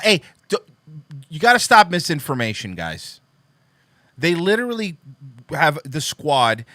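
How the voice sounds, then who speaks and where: Male talk host with a bright, forceful voice on a dry close mic; sarcastic and profane. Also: fairly low pitch, no echo. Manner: sarcastic and profane, reading posts aloud and mocking them. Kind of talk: political commentary show.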